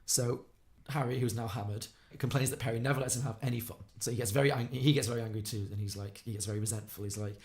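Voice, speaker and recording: A man on a podcast, retelling a film plot quickly and acting out the characters' lines. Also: medium pitch, fairly even intonation, darkish tone. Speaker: podcast co-host. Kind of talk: casual film podcast recap.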